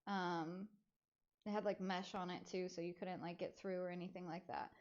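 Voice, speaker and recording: A woman streamer casually telling a long personal story, rambling with lots of fillers and an animated retelling. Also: on the low side, normal speed, highs cut off.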